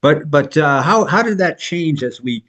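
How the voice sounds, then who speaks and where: A man's voice: fairly high pitch, animated, unhurried, a bit bright, muffled recording. A man hosting a podcast, giving short nods of agreement and then asking his guest a question. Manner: brief affirmations while listening. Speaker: podcast host. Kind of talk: interview.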